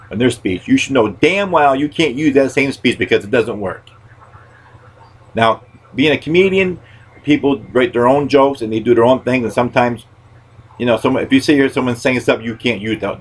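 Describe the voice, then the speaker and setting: Husky, loud, rambling man. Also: medium pitch, low-quality recording. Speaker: podcast host. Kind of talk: storytelling.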